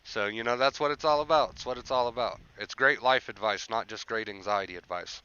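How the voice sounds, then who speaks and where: Bright, clear-voiced man livestreaming. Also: mid-range voice, brisk, dull audio. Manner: encouraging, conversational, reads chat aloud. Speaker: livestream host, anxiety recovery coach. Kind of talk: casual livestream chat.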